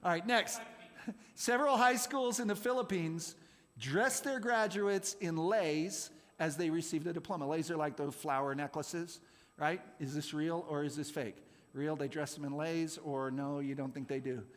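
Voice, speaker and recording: High, animated man in a reverberant hall. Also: normal speed. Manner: animated, jokey, laughs often. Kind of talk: playful quiz with a youth group. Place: church service room.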